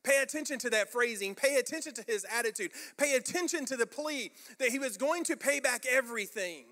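High, bright-voiced male preacher. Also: expressive, brisk. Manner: emphatic, rhetorical, repeats phrases for effect. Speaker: pastor. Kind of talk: sermon.

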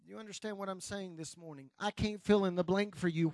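A man preaching a morning sermon, emphatic and building to shouts at times. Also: high voice, brisk, hardly any pauses, no echo. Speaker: pastor.

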